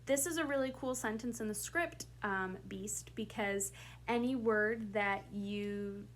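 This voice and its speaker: A drama director with a mid-range voice and measured pace gives blocking notes to the actors in her school play. She's casual and chatty, full of fillers, and there's a little hiss or hum.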